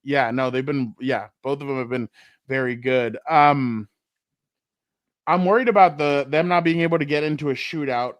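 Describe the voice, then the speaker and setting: A man co-hosting a casual sports talk show, telling stories with animated, profane banter and acting out quotes. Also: medium pitch, normal speed, no echo. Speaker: co-host.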